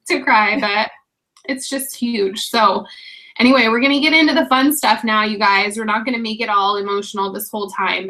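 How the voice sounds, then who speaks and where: Bright, gushy woman co-host. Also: a little high, low-quality recording. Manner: gushing, chatty, lots of fillers like "like". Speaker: co-host of a coaching presentation. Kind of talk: casual chat.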